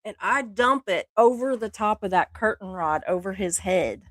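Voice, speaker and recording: A woman's voice: mid-range voice, dry recording. A woman with a mid-range voice tells a long story at an easy pace, full of fillers and asides. The sound is close and dry, with no room around it. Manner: relaxed drawn-out storytelling with fillers. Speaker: co-host. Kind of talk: casual storytelling chat.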